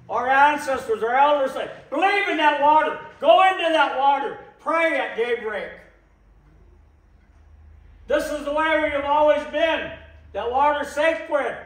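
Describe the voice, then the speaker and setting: A man giving an impassioned public talk, slow and emphatic, repeating phrases for weight. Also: very high-pitched, a bit bright. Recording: echoey room, voice from a distance.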